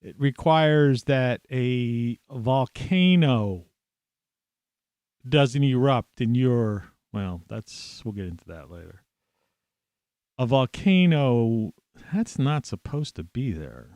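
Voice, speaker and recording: A man hosting a solo talk show, hoarse today, rambling with many fillers and restarts. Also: medium pitch, animated, slow, darkish tone, no room sound. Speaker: podcast host. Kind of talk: solo monologue.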